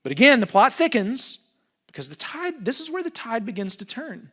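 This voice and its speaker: High-voiced conversational male preacher. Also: moderate pace, breathy edge. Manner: conversational, animated, jokes with the congregation. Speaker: pastor. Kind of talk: sermon.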